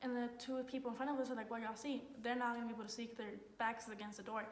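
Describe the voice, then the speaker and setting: A woman's voice: fairly high pitch, very fast. A young woman, a college student, telling a story in a casual, rambling way with lots of "like". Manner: rambling, heavy use of "like", excited retelling. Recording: echoey room, faint noise.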